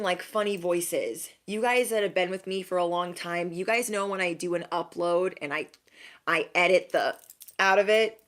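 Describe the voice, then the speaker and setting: Chatty woman giving a spiritual reading. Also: fairly low pitch. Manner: chatty, frank, many "like" fillers. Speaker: intuitive card reader. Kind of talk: casual spiritual reading to viewers.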